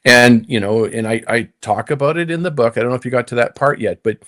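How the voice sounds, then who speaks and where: Animated storytelling man, middle-aged. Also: medium pitch, fast talker. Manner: animated, shifting between hushed and emphatic. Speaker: podcast guest, former pro golfer. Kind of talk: casual storytelling in conversation.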